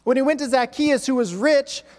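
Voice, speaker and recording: A man's voice: extremely high pitch, normal speed, darkish tone, in a large hall. A male pastor preaching a sermon, acting out quoted voices with emphatic repetition.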